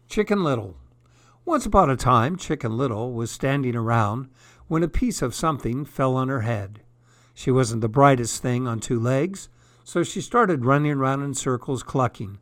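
A man reading comic, twisted fairy tales aloud in a deadpan, wry storytelling manner. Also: mid-range voice, normal speed, no room sound, studio quality.

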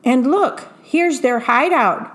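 A woman's voice: high voice, slow pace, fairly bright tone. A woman voicing a bold, bossy young boy pirate captain in a read-aloud picture book, with cheerful commanding calls.

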